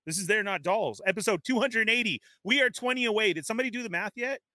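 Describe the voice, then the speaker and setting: A man hosting a live toy-collecting stream from home, casually rambling and giving upbeat shout-outs to viewers. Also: high voice, fast talker, no room sound. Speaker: host. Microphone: webcam setup at home.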